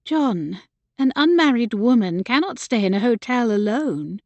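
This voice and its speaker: A woman reader doing a caring, worried young sister. She speaks in a soft, coaxing tone. The voice is pitched a little high, in a dry, close recording. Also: big pitch swings, unhurried, no echo, lo-fi sound. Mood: concerned. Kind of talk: audiobook character voice.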